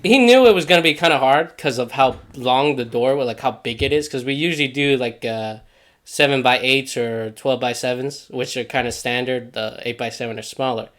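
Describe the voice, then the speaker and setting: A man's voice: medium pitch, moderate pace, a bit bright. A young man co-hosting a podcast, telling a casual story in a laid-back, slangy way and laughing often. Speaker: podcast co-host.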